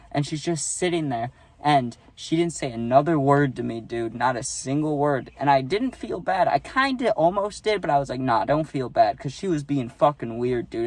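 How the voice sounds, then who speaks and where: A man's voice: medium pitch, darkish tone, no room sound. A young adult man telling a casual storytime, rambling and profane, often tagging on "right?".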